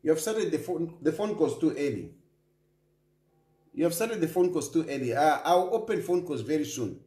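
Animated Zambian man, high lively voice. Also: normal speed, roomy sound. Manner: emphatic, repeats phrases, mixes in local language. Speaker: political talk show host. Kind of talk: animated political commentary.

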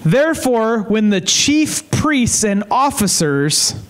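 A male evangelist preaching a revival sermon in a high, light voice. He is fervent and repeats key phrases. He slows to a deliberate pace when he wants a point to sink in. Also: very animated, rough recording. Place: evening service in a tent.

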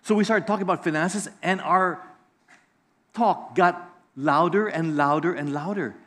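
Pastor, middle-aged male, high voice, animated preaching with acted-out voices. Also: a little slow. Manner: lively preacher, acts out voices in anecdotes. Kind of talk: sermon.

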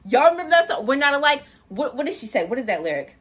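A woman hosting a music reaction video, talking in a casual, chatty way full of "like" and quick laughs. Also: sits high. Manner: chatty, animated, frequent "like" and laughs. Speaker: music reaction channel host.

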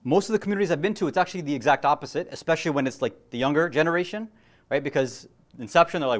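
A young man gives a religious lecture in a loose, joking way, now and then throwing questions out to the crowd. His voice sits a little high for a man. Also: expressive, fast. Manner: joking, chatty, asks the audience questions. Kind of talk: casual Muharram lecture.

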